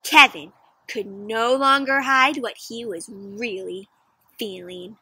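A young adult woman reading a picture book aloud to children in an animated way, gasping and asking them questions. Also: on the high side, slow, slightly rough, no room sound. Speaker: children's storyteller. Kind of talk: interactive read-aloud for kids.

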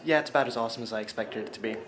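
A man's voice: mid-range voice, very fast, fairly bright tone, echoey room, slight background noise. A young man in college, vlogging casually and narrating a voiceover with wry, jokey asides. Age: young adult.

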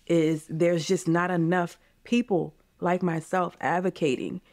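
A woman's voice: lowish voice, little pitch movement, measured pace, a little mellow, dry recording. A woman in her forties from the United States, a podcast guest speaking earnestly and with passion in a candid interview, often calling listeners "you guys.".

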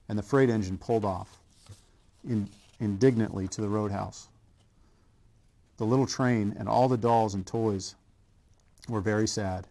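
Brief: deep-ish gravelly male reader, gentle children's read-aloud, unhurried. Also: steady tone. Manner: slow gentle storytelling with small stumbles. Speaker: coach.

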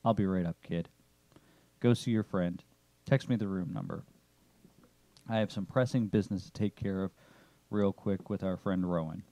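A man's voice: low voice, steady tone, normal speed, long pauses, mellow, no echo, highs cut off. A man voicing a blunt, tough mentor figure in a narrated story. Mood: brusque.

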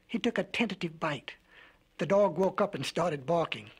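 A man narrating a storybook record in a gentle, whimsical, folksy way. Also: fairly high pitch, expressive, normal speed, husky.

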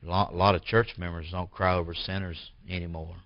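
A man preaches to his congregation in a low, deep register. He rises into forceful, emphatic bursts, then drops to hushed lines. The recording is dry and dull, with a lo-fi edge. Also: flat delivery, a little fast, dry recording. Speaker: pastor. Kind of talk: sermon. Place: church.

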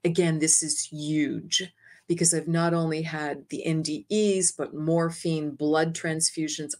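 Woman, slightly lower pitch, interview guest, animated storytelling, quotes herself, light laughter. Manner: animated, expressive, often quoting herself; laughs lightly while speaking. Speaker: interview guest, energy healer. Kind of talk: personal storytelling.

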